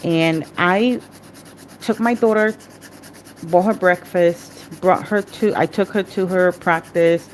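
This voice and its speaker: A middle-aged woman with a somewhat low voice talks openly about her week in casual, rambling sentences. She backtracks and restarts often, like someone confiding in a friend while working on a nail set. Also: steady tone, slow, slight background noise. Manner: candid, rambling, with many restarts and fillers. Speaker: nail artist and vlogger. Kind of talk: casual personal storytelling during a nail tutorial.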